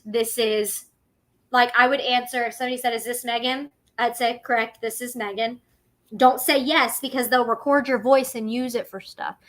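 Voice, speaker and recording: Bright chatty woman hosting a livestream. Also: on the high side. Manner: chatty, laughs often. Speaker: livestream host. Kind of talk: casual live chat.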